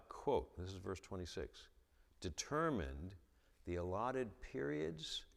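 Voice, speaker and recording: A man with a low, creaky voice gives a lecture-style talk as a guest speaker at a church. Speaking in a large hall before an audience, he stutters and repeats the openings of his sentences.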